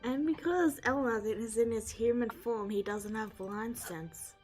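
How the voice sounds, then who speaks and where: A woman runs a tabletop game as game master. Her voice sits a little high and she narrates with lively expression, with soft music underneath. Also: unhurried, rough recording.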